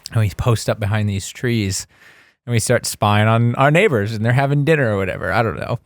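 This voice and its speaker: A man on a podcast, telling a childhood story with lively energy and laughing at the funny parts. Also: lowish voice, a little fast, dry recording, clean studio sound. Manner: animated storyteller, laughs through the punchlines. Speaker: podcast co-host. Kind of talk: casual storytelling chat. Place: studio.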